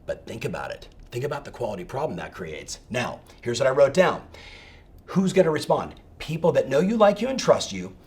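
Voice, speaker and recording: Fired up and emphatic, a middle-aged man coaches real estate agents in an energetic talk, speaking at a medium pitch and frequently asking "right?" to check in.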